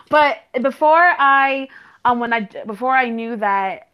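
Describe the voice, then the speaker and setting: A woman's voice: on the high side, slow, muffled recording. A woman chatting casually on a video call. She giggles and stumbles over her words.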